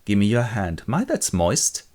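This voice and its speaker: A man voicing Othello, a jealous general who swings from soft brooding to loud outbursts. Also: on the low side, wildly swooping pitch, a little slow.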